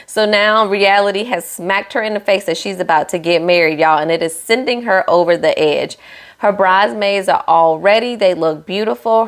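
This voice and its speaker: A woman recapping a reality show in a chatty, sassy way, with playful asides to her viewers. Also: mid-range voice.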